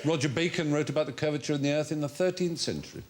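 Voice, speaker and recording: A man's voice: a little high, rapid-fire, slight background noise. A British man hosting a quiz panel, busting a popular myth with emphatic explanation. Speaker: quiz show host.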